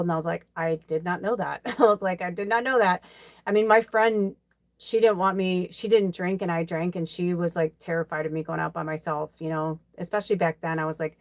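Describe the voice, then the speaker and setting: A woman's voice: fairly low pitch, no echo. A middle-aged woman from Chicago hosting a live card reading, talking in a rambling, chatty way with many fillers and laughs. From South Side Chicago, USA. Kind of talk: casual live-stream chat.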